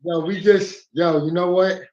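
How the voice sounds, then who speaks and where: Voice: mid-range voice, fairly even intonation, a little slow, darkish tone, slight background noise. A guest streamer in casual livestream chat, laid-back and agreeable, using slang, heard over a muffled lo-fi call.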